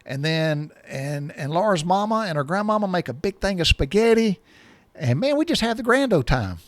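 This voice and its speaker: A man's voice: high-pitched, big pitch swings, normal speed, no room sound. A man in his sixties telling a personal story in a folksy, rambling way, often repeating himself.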